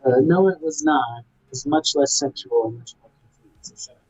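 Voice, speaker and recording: A man's voice: mid-range voice, darkish tone, slightly rough. A young man streaming a game, bantering with a co-host in an exasperated, bossy way. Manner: exasperated, bossy, quick to snap. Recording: slightly dull, lo-fi mic.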